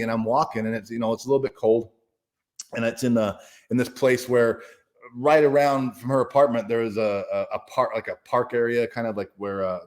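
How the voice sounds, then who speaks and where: A man talking as a guest in an interview, telling a personal story in a casual, profane, emphatic way with many restarts. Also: medium pitch. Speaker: guest speaker and author.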